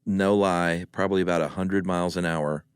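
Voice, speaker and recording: A man's voice: deep voice, steady tone, brisk, smooth, no room sound, clean studio sound. A man, co-hosting a podcast in casual chat and telling rambling, jokey stories. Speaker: podcast co-host.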